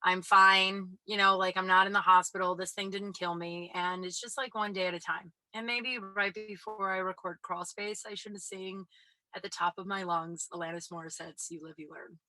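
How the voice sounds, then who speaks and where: A woman hosting her own show, talking casually and rambling, breathy and out of breath, recording in a small closet. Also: mid-range voice, steady tone, moderate pace, pushed and bright, no room sound, low-quality recording. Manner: chatty, full of "like" fillers. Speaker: podcast host.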